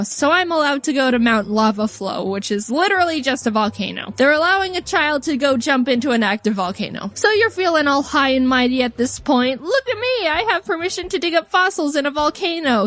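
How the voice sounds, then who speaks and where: A woman's voice: fairly high pitch, a bit bright. A young woman recapping a video game in a joking, sarcastic way. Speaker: game reviewer. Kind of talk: comedic game recap commentary.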